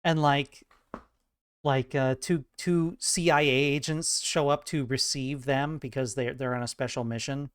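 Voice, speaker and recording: A man streamer in casual chat, trading wry jokes and dry banter with many halting restarts. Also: medium pitch, steady tone, smooth.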